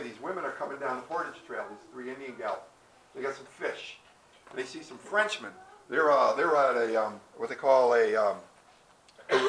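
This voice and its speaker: A man's voice: medium pitch, fairly bright tone, a little hiss or hum. Folksy storytelling man, roomy sound. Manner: storytelling, folksy, acts out characters with hesitations. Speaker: presenter. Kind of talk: outdoor history talk to visitors. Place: outdoors at a historic site.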